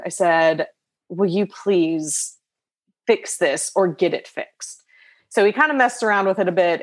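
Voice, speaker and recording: A woman guest on a podcast, telling an everyday story in an animated, expressive way and laughing often. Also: on the low side. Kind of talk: casual conversational storytelling.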